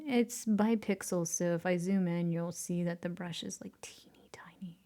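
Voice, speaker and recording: Speaking at normal speed, a woman with a low, dark voice guides viewers through photo editing in a relaxed screen recording. She often lowers her voice to a whisper mid-task and laughs at her own blunders in a self-deprecating way.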